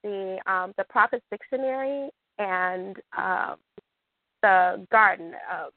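An excited woman from Michigan calls in and rambles, stumbling into restart after restart. Her voice comes through a dry, tinny phone line with no room sound. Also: mid-range voice, slow, no room sound. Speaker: caller. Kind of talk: emotional call-in chat.

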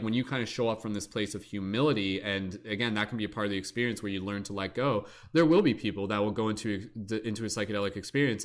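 A man hosting a livestreamed talk show, speaking eagerly and at length, with lots of fillers. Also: on the low side. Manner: rambling, eager, many fillers. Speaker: podcast host. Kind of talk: excited casual talk.

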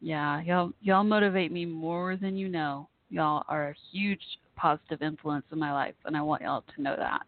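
A woman hosting a live call-in show, chatting casually and giggling often, warm and effusive toward her listeners. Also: deep voice, fairly even intonation, moderate pace, hardly any pauses. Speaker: radio show host. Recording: tinny phone-like line, dry.

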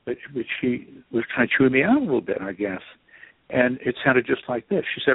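A man, an author guest in an interview, telling a story in an animated, self-deprecating way over a phone line. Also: mid-range voice, fairly quick, husky, dry recording. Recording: tinny dry phone line.

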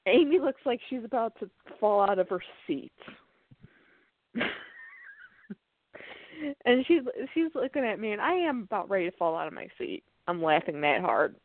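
A woman's voice: medium pitch, moderate pace, long pauses, dry recording. A woman host telling a funny personal story in a casual way, often laughing as she talks. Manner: animated, laughs through her story. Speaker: podcast host. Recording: tinny phone-like line, dry.

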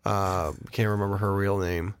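A man's voice: low voice, level tone, moderate pace, clear, resonant tone. A young man co-hosting a casual podcast, easygoing and teasing in his banter. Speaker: podcast co-host. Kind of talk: casual chat.

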